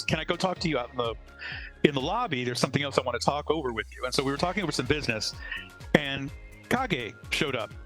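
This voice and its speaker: A man's voice: mid-range voice, pushed and bright, low-quality recording. A man telling a long, rambling anecdote on a live talk show, quoting other people along the way. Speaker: convention organizer. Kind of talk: casual storytelling on a live show.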